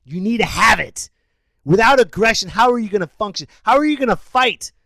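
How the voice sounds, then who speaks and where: A middle-aged man rants on his podcast in a high, wildly swinging voice. He sounds incredulous and breaks into shouts now and then. The sound is dry and close. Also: a little fast, creaky, no room sound. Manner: incredulous, animated ranting with shouted outbursts. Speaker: podcast host. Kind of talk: ranting monologue.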